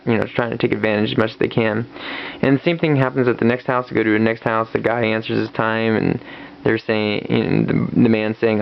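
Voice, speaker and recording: A man's voice: on the low side, flat delivery, normal speed, gravelly, a little hiss or hum. A man casually reviewing a comic book, retelling the story with lots of fillers and restarts. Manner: rambling, many fillers and restarts. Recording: dull lo-fi recording.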